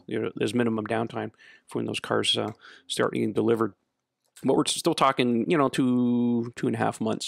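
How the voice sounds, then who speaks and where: A man hosting a casual podcast, talking in a relaxed, rambling way with lots of fillers. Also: medium pitch, creaky, no echo, clean studio sound. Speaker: podcast host.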